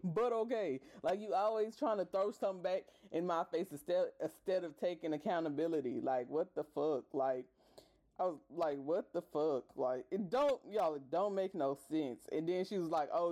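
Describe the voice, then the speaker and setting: A woman with a lowish, dark-toned voice hosts a podcast, ranting casually and profanely and breaking into exasperated bursts of laughter.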